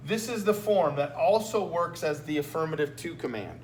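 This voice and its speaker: In a recorded lesson reviewing a written exam, a man teaches Spanish in a fairly high, animated voice at a moderate pace. He explains patiently and repetitively, often checking in with "okay?" The room is echoey with a faint hum.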